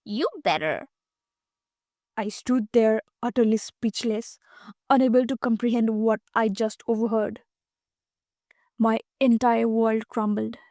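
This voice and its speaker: A woman reads a mystery story aloud in the first person, with dramatic, emotional delivery. Her voice is somewhat high, and the recording is dry and close, with no room echo. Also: level tone, unhurried, warm tone. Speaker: audiobook narrator. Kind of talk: scripted first-person narration.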